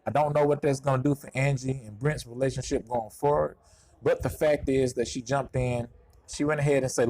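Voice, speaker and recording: A man's voice: mid-range voice, steady tone, a little fast, a little mellow, no echo. Chatty Texan man reviewing outdoors. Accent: Southern US, Texas. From Houston, Texas. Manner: chatty, self-deprecating, hype-driven. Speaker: TV show reviewer. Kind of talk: casual video review. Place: outdoors at a golf course. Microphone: clip-on mic on shirt.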